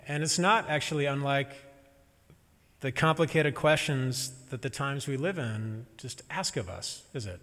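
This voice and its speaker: A man preaching a sermon as a minister, gentle and reflective with touches of humor. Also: medium pitch, a little slow, long reverb tail.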